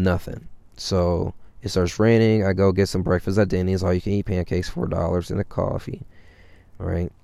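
A low, mellow-voiced young man tells a story in a loose, rambling way, with plenty of swearing and filler words. His voice has a gravelly, smooth edge, and the sound is dry and close. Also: dry recording. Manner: rambling and profane, with constant fillers. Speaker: vlogger. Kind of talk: casual storytelling.

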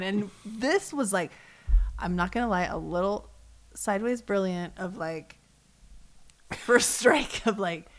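A woman co-hosting a chatty podcast at a mid-range pitch. She talks with lots of energy, then drops into hushed, near-whispered asides. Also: unhurried, long pauses. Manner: animated, drops into hushed asides and mock voices. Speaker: podcast co-host. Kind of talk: casual chat recapping a reality show.

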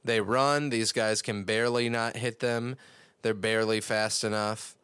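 A man's voice: fairly low pitch, fairly even intonation, unhurried, a bit bright, clear, resonant tone, dry recording. A young man casually recapping a cartoon episode on a podcast, rambling and swearing with lots of fillers. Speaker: podcast co-host.

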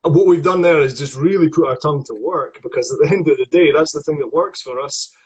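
A man's voice: on the high side, fast talker, a little mellow, slightly rough, poor audio. A man leading a voice lesson, guiding a student through tongue and articulation exercises and demonstrating the sounds himself. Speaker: voice coach. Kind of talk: guided vocal warm-up lesson.

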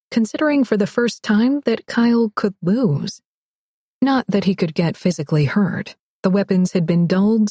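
A woman narrating a romance audiobook in a wry, expressive read. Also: mid-range voice, husky, no echo, clean studio sound. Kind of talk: scripted narration.

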